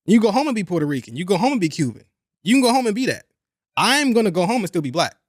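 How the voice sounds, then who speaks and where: A young man hosting a podcast, talking in a casual, animated and profane way, repeating points for emphasis. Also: high voice, no room sound, clean studio sound. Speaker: podcast host. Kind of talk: casual chat.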